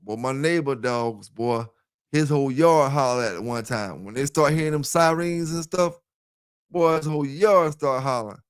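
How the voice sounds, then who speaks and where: A man, talking loosely and at length to his livestream audience. His voice sits in an ordinary middle pitch. The sound is close and dry, picked up by a headset mic. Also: moderate pace, clean tone, no echo. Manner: loose, rambling, talks straight to listeners. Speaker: dog kennel channel host. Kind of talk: casual livestream chat. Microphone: headset with earphones.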